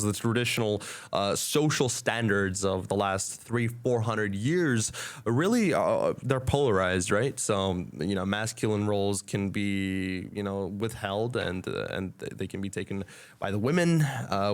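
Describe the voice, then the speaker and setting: Talkative male podcast host. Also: lowish voice. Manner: talkative, repeats words, moderates the talk. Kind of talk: casual panel discussion.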